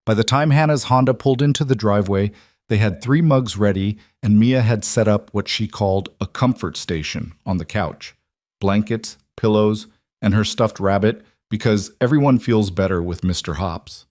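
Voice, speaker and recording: A man reading a scripted story in an even, measured narration. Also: lowish voice, no room sound, clean studio sound.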